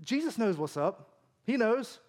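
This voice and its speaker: A high-pitched male pastor preaching a sermon. He tells stories with animated, humorous energy, mixing jokes with earnest points. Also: a little slow.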